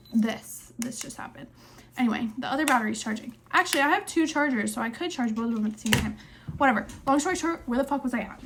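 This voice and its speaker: Out of breath, a young woman in her twenties, a beauty vlogger, talks to camera at home in a rambling, indecisive way full of fillers. She has a high, fairly bright voice; a little hiss or hum comes through the camera mic and, later, a phone on a tripod.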